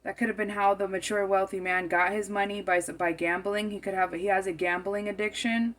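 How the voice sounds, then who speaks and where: A woman's voice: medium pitch, steady tone, brisk, a bit bright. A woman giving a tarot card reading, musing aloud and often repeating and rephrasing her phrases as she goes.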